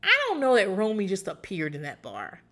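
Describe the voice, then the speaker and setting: This woman's mid-range voice swings hugely in pitch and moves at a brisk clip. She chats casually about a show she's recapping, cursing freely, rambling, peppering her talk with fillers, and laughing a lot.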